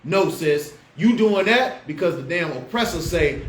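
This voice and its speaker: A man preaching a street-style Bible class, fiery and slangy, swinging between loud outbursts and low asides. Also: expressive, measured pace. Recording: echoey room with faint background noise.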